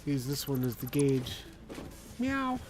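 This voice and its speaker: Soft music plays as this streamer talks in a fairly high, steady, dark-toned voice at a moderate pace, muttering through his building game and chatting with his cat and his viewers. He's at home, close to a desk mic, keeping it casual.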